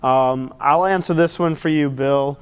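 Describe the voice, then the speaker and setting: A man's voice: a little high, unhurried, clean tone. A man hosting a casual podcast chat, reading out viewer questions in an easygoing, matter-of-fact way.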